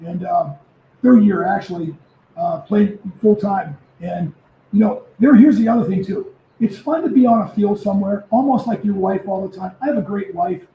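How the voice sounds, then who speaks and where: A man in his seventies, a former football player, telling stories as a guest in a casual interview, lively and prone to repeating himself. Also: high voice, moderate pace. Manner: animated storyteller who repeats words. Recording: echoey, muffled remote audio.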